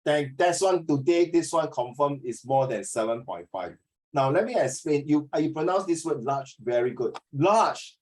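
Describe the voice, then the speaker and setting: A man coaching a student one-on-one for an oral exam, blunt and animated, mixing in Mandarin words. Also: on the high side, normal speed. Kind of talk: one-on-one tutoring.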